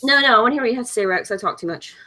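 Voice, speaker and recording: A woman's voice: a little high, rapid-fire. Chatty woman host telling stories. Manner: lively storyteller, laughs often. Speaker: livestream host. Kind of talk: casual chat.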